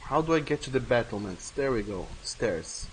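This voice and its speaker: A man's voice: medium pitch, lively intonation, moderate pace, slight background noise. A man streaming a video game live, chatting casually, reading viewer messages aloud and swearing freely.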